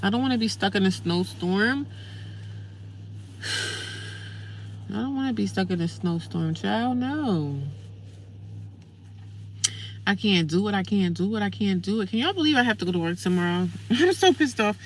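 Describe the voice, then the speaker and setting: A woman's voice: medium pitch, animated, normal speed, pauses often, slight background noise. A woman chatting casually and playfully with her livestream viewers, calling them girl and sis. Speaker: vlogger. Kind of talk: casual livestream chat with commenters. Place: homeless shelter.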